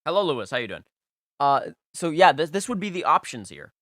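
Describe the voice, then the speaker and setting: A young man hosts a casual live stream, talking through viewers' game teams. His voice sits a little high and has a bright, forceful edge. He is emphatic and playful, hammering points home by repeating them. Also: big pitch swings, fairly quick, no echo, clean studio sound. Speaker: livestream host rating viewers' game teams.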